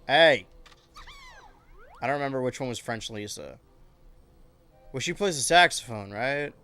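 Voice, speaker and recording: A man chats through a gameplay stream in a loose, joking way, his pitch leaping up and down as he reacts. Soft game music plays quietly under his voice. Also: a little slow, clear, resonant tone. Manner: joking, animated, talking to chat while playing. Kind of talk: casual gameplay commentary.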